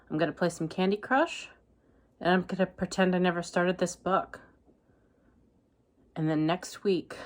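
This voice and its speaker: A woman book vlogger talking casually to camera, deadpan and exasperated as she rants. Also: on the low side. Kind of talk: casual reading vlog.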